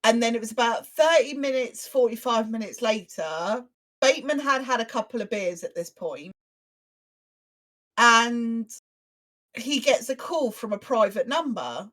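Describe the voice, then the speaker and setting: A young woman on a casual podcast chat, telling animated anecdotes and acting out the other voices in them. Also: fairly high pitch, a little slow. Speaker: podcast co-host.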